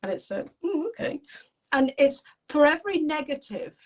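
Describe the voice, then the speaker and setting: A middle-aged woman, a parenting coach talking in an interview in a lively, rambling way with frequent restarts. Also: sits high, fairly quick, rough recording. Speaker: parenting and teen coach, guest. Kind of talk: conversational interview.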